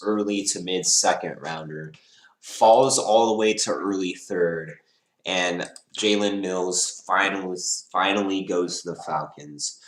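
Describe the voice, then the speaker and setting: Young man, deep voice, bright tone, excitable rambling fan commentary, roomy echo. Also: slight background noise. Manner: excitable, rambling, laughs and sighs often. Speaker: fan reacting live to the draft. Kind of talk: casual live reaction commentary.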